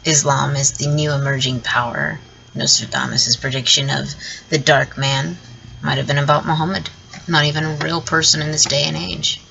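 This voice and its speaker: Speaking to camera, this female vlogger from the American South rants her views bluntly and with profanity, often laughing between points. She has a deep, gravelly voice with fairly even intonation and a moderate pace, captured in dull audio.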